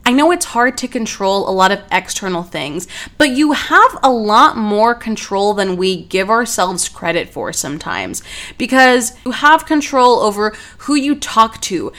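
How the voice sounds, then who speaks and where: A woman's voice: medium pitch, a bit bright. A woman in her twenties hosting a casual solo podcast, talking in a bubbly, gushing way. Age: 20s. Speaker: podcast host.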